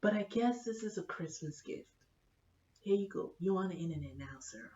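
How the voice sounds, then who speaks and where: A woman telling a comedic, profane story in an animated vlog style. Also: fairly low pitch, normal speed, muffled recording. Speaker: vlogger.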